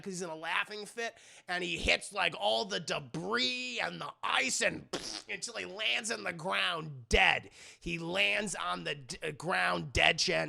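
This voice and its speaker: A man's voice: a little high, creaky, bright, forceful tone. A man streaming a casual, crude, joking movie recap to his chat, rambling as he goes.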